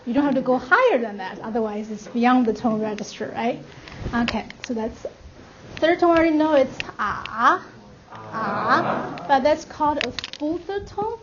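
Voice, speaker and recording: A woman's voice: on the high side, animated, brisk. A woman teaching a class how to pronounce tones, drawing out and singing vowel sounds to show each one. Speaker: language teacher. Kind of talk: classroom instruction. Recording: lo-fi classroom recording with clear noise.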